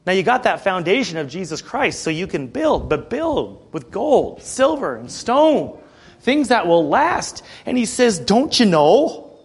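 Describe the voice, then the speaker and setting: A man preaching a sermon in a conversational, animated way, with frequent asides to the congregation. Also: high voice, measured pace, slightly rough. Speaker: pastor.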